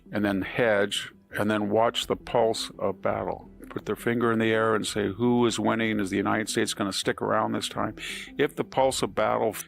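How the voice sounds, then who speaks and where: An older man giving unscripted political commentary, measured and methodical, ticking through points with restarts and pauses. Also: on the low side, gravelly, fairly bright tone.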